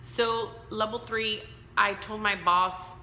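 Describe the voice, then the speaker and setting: A woman's voice: mid-range voice, fairly even intonation, takes it slowly, bright, forceful tone. Candid emotional woman in an echoey room. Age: 30s. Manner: candid, emotional, rambling with fillers. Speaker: vlogger. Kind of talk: personal storytelling to camera.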